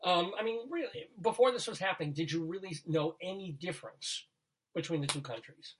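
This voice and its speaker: A man's voice: sits high, brisk, background noise. A man hosting a talk show in casual chat, rambling from topic to topic and laughing at his own jokes. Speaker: radio show host.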